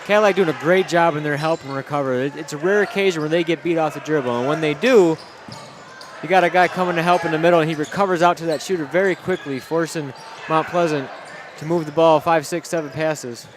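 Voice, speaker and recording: A man with a Michigan accent breaks down high school basketball plays like a coach, his voice slightly high. Crowd murmur and bouncing balls carry behind him. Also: fast. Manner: coach-like explaining of plays, easy chuckles. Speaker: color commentator. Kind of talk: live basketball analysis. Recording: gym ambience, bouncing ball noise.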